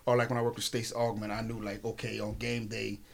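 A man's voice: lowish voice, flat delivery, quick pace, vocal fry. A man who works as a private chef, talking casually in an interview and rambling and repeating himself as he explains his work.

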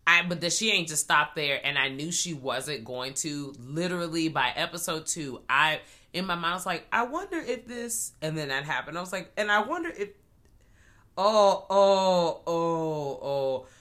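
A woman co-hosting a casual chat about a series, animated and slangy, laughing often. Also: sits low, moderate pace, few pauses. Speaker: podcast co-host.

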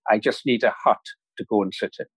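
A man's voice: lowish voice, brisk, slightly rough, no room sound. A man telling of a wizened, serene old rainmaker.

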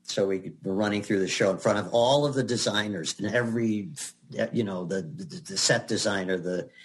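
A man's voice: fairly low pitch, normal speed. An older man, a guest actor, telling chatty anecdotes in an interview with laughs and restarts. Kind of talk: storytelling in an interview.

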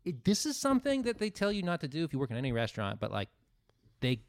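A man's voice: on the high side, huge pitch swings, fast. A man chatting casually on a podcast about food, telling long rambling stories and swearing often. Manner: rambling storyteller who swears a lot. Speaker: podcast co-host. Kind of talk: casual chat.

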